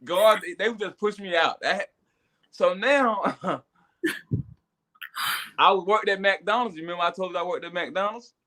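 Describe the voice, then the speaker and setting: A man, a podcast guest, telling a personal testimony in casual chat, animated and repetitive, rising to excited high bursts. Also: measured pace, long pauses. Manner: animated storytelling, repeats words, builds to excited high bursts. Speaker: podcast guest, business owner.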